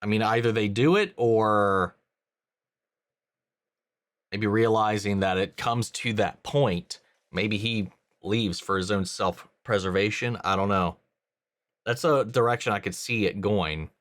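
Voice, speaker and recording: A man's voice: fairly low pitch, measured pace, pauses often, a bit bright. A man giving casual, emphatic reaction commentary on a show episode, swearing freely and calling the viewer "man".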